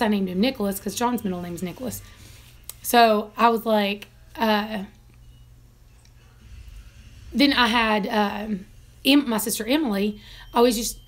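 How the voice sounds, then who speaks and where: A woman's voice: fairly high pitch, fairly bright tone. A young woman chatting casually in a home vlog, telling rambling stories and laughing often. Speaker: vlogger.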